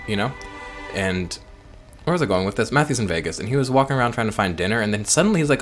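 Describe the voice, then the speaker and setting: American man, let's play host, loose jokey rambler, lively up-and-down delivery, faint music behind. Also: on the low side, fast talker. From United States. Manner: rambling, joking asides and self-mocking chatter. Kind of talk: casual gameplay commentary.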